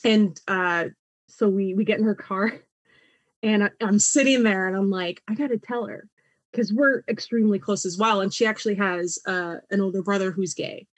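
Young woman guest, lively storyteller, close dry mic. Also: mid-range voice, moderate pace, dry recording. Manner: animated, laughs often, acts out quoted voices. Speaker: podcast guest, artist. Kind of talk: personal storytelling in a podcast interview.

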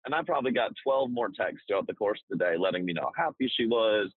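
男性 電話のような音質の、かすれた低めの声. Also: male voice, on the low side, fast, breathy edge, dry recording, phone-quality sound. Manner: blunt, profane, animated storytelling. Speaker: business coach. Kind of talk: casual podcast chat.

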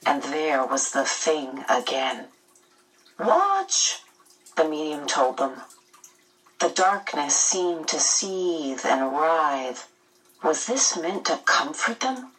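A woman reads a storybook chapter aloud in a measured, gentle manner. Her voice sits fairly low and moves very slowly, and it is picked up from a mic set some way off. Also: far from the mic, poor audio. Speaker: audiobook narrator. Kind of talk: slow storybook narration.

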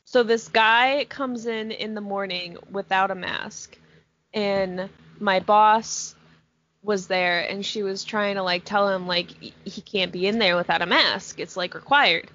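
A woman's voice: medium pitch, steady tone, measured pace, a bit bright, slight background noise. A young woman co-hosting a podcast, telling a work story in a laid-back, casual way, swearing often and laughing a lot. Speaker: podcast co-host. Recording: dull lo-fi sound.

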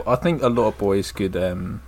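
A man's voice: fairly low pitch, moderate pace, a little mellow, a little hiss or hum. A young British man chatting casually on a podcast, swearing freely and laughing through his own stories. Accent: British English. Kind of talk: casual chat.

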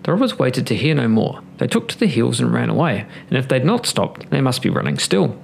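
Gravelly male storyteller. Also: mid-range voice, brisk, a little hiss or hum. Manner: expressive storybook narration. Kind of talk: fairy tale read-aloud.

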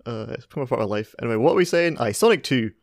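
A man co-hosting a podcast, rambling and halting, with plenty of swearing in casual chat. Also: medium pitch, expressive, no echo, studio quality. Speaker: podcast co-host.

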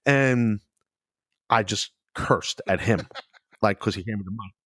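A middle-aged man hosting a podcast, telling wrestling stories in a loose, profane, animated way, laughing often. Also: lowish voice, slow pace, slightly rough, dry recording, clean studio sound. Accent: New York. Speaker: podcast host, former wrestler. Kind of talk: casual storytelling chat.

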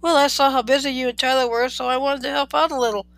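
A woman's voice: sits high, fairly even intonation, quick pace, fairly bright tone, dry recording. A woman voicing a sugar-sweet, scheming young woman in a read-aloud story. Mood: sugary.

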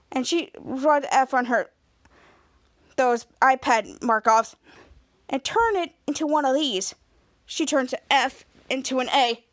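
High-voiced woman recapping a show. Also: animated, unhurried, long pauses, dry recording, clean studio sound. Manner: retells scenes with many "and he's like" quotes. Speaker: podcast host. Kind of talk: casual episode recap.

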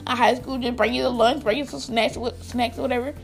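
A woman's voice: a little high, steady tone, fast, gravelly, soft background music. A young woman chatting to her viewers in a casual storytime vlog, talking to them directly and laughing often. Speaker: vlogger.

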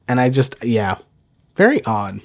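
A man hosting a casual solo podcast, rambling with many fillers and restarts, self-deprecating and talking fast. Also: mid-range voice, very animated. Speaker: podcast host.

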